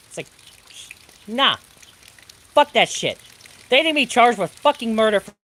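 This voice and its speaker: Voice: mid-range voice, a bit bright. A storm streamer ranting with heavy profanity during a live stream, from the Pacific Northwest of the US. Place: home during a thunderstorm, rain outside. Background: rain.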